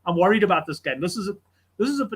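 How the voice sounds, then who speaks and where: A man hosting a sports betting show, chatting casually and telling stories in an animated way. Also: high-pitched, racing, slightly rough. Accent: South African English.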